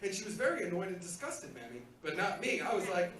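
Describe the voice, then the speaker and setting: A middle-aged man doing a live stand-up set on a club stage, with loud, rowdy crowd work and squealing high put-on voices. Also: big pitch swings, fast. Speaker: stand-up comedian. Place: comedy club theater stage. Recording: roomy live theater sound from a distance.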